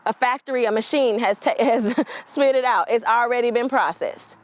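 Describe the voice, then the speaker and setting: A woman's voice: a little high, moderate pace. A woman giving a documentary interview, telling stories emphatically with frank asides.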